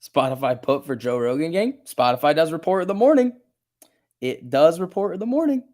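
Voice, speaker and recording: A man's voice: fairly high pitch, expressive, fairly quick, darkish tone. A man hosting a casual stock market livestream, chatting and laughing often as he reads chat and tells stories. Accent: New Jersey.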